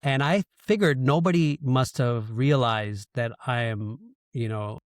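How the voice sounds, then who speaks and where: A man's voice: mid-range voice, a little slow, dry recording. A man from Canada, a podcast guest in his thirties, candidly telling an emotional personal story and swearing now and then. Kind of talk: casual storytelling interview.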